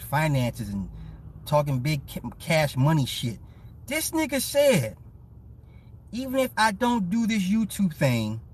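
High, animated man ranting with laughs. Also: slightly rough. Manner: laughs often, teasing and profane; mocking, petty storytelling. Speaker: live-stream commentator. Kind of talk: casual ranting commentary to chat.

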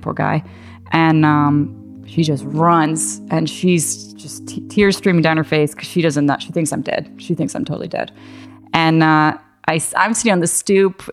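A young woman with a notably low voice tells a personal story in a loose, conversational way. She fills her talk with ums and likes and laughs easily. Faint music plays softly behind her. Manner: chatty, laughing, many fillers.

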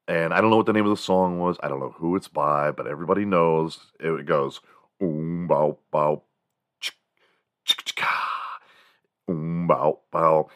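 A man's voice: extremely low pitch, no room sound, clean studio sound. A man in his forties, from Texas, hosting a morning show and telling rambling, profane childhood stories with laughs of his own. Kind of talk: casual comedic storytelling.

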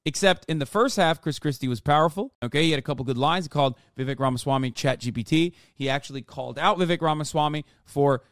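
A man's voice: on the high side, quick pace, few pauses, no echo, studio quality. Profane, ranting male streamer. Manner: profane, ranting, mocking impressions. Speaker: livestream host. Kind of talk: casual political commentary.

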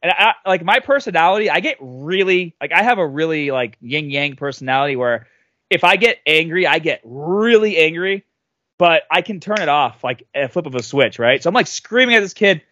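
A man in his late thirties tells a story on a podcast, his voice sitting a little high for a man. He is animated and loudly acts out the voices he quotes. The sound is dry and close to the mic. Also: moderate pace, dry recording. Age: 30s. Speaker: podcast guest. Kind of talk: casual storytelling.

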